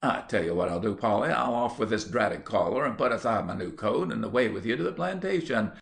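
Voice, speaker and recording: A man's voice: on the low side, lively intonation, fairly quick, gravelly. A man voicing a good-natured young country lad who chats in broad rustic dialect. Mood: hearty.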